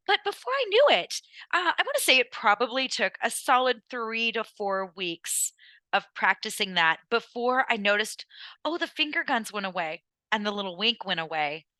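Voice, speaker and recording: A woman's voice: medium pitch, bright, forceful tone, dry recording, low-quality recording. A young adult woman hosting a podcast, talking candidly in a casual, profane style full of "like" fillers. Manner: casual, swears freely, lots of "like" fillers. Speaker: podcast host. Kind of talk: candid personal podcast monologue.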